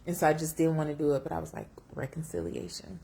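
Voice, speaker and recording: A woman telling a personal story on camera, reflective and emotional, close to tears, with lively jumps when she quotes herself. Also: low voice, quick pace, gravelly, slight background noise. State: tearful. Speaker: vlogger sharing a personal story.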